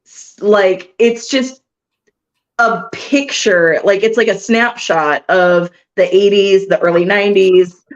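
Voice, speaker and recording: A woman's voice: mid-range voice, slow. A woman from the Southern US chatting casually, rambling with many fillers. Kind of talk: casual chat. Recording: dull lo-fi audio.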